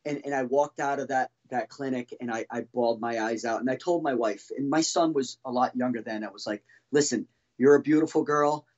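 A man telling his own story as a podcast guest, halting and restarting often as he talks. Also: mid-range voice, darkish tone, muffled recording. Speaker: guest, former band drummer. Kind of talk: casual podcast interview storytelling.

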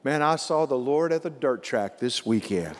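A male pastor quoting a calm, joyful elderly man in his sermon. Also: medium pitch, normal speed, a little hiss or hum, lightly acted. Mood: earnest. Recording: long church hall reverb.

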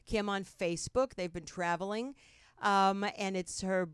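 A woman's voice: mid-range voice, steady tone, measured pace, smooth, no room sound, studio quality. A woman from New Jersey with a Jersey accent, hosting a podcast in casual, rambling chat and laughing often. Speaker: podcast host. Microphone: studio mic.

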